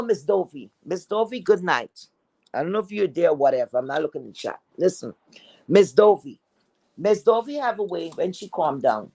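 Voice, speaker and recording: A woman's voice: mid-range voice, no room sound, rough recording. A woman commentator on a livestream, ranting in a blunt, profane, scolding way. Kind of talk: heated commentary rant.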